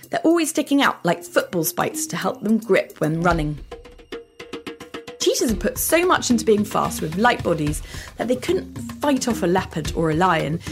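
A woman hosting a children's show, her voice rising and falling a lot as she explains things to young listeners. She reads a script at a measured, animated pace. Soft music plays clearly behind her. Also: medium pitch. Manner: bright, animated, explaining things slowly for kids. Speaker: children's podcast host.

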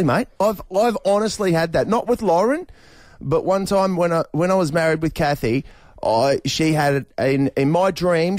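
A man's voice: on the high side, darkish tone, dry recording, studio quality. A middle-aged Australian man hosting a radio show, talking casually and rambling with many fillers and restarts. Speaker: radio host. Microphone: studio microphone.

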